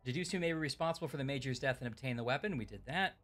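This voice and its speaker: A man's voice: mid-range voice, racing, soft background music. A man hosting a stream of a mystery game, chatting playfully and jokingly directing his co-player. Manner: playful, mock-directing, lively. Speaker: stream host. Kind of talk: casual gameplay chat.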